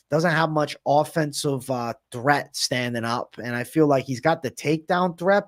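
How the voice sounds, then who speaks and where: A man's voice: on the high side, no echo, clean studio sound. A man hosting a betting podcast, talking fight picks in a loose, joking, slangy way. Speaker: MMA betting podcast host. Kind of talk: casual fight-picks chat.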